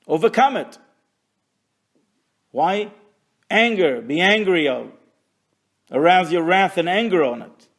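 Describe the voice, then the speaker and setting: Gravelly-voiced man teaching a Torah lesson. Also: medium pitch. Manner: translates Hebrew phrases, explains, wry asides.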